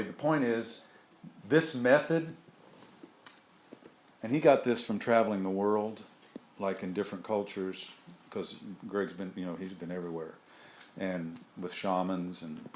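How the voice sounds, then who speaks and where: A man's voice: sits low, steady tone, unhurried, pauses often, a little hiss or hum. A man giving an informal spiritual talk to a group, rambling and conversational with frequent restarts and asides. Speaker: group leader.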